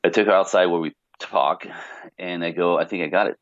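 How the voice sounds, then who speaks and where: A man speaking as a podcast guest, telling a personal story in an animated way, with many restarts and rhetorical questions. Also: low-pitched, fairly quick, no echo, highs cut off.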